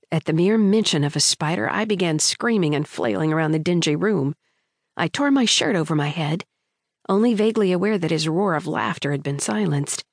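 A woman narrating a first-person romance audiobook in a measured storytelling manner, recorded close on a studio mic. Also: on the low side, no room sound.

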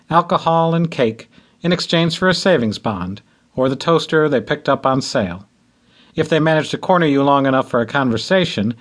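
A man reading an audiobook in first person with a dry, wry humor. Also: a little high. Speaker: audiobook narrator.

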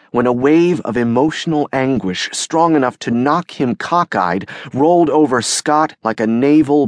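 A man narrates an audiobook from a script, his storytelling measured and even. His mid-range voice is picked up on a close studio mic with no echo.

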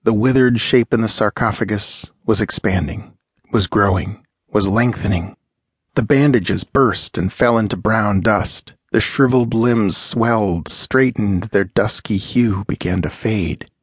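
A man narrates a pulp fantasy audiobook, measured and dramatic. His voice sits low with a husky grain, recorded close and dry. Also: no room sound.

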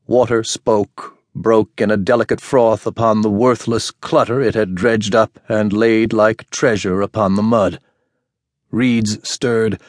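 A man reading a fantasy novel aloud as an audiobook narrator, in a measured, unhurried manner. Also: fairly low pitch, fairly even intonation, no room sound, clean studio sound. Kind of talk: scripted narration.

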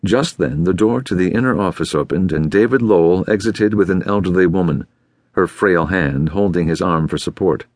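A man narrating an audiobook in a steady, even way, recorded close in a studio. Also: sits low, moderate pace, no echo. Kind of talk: scripted narration.

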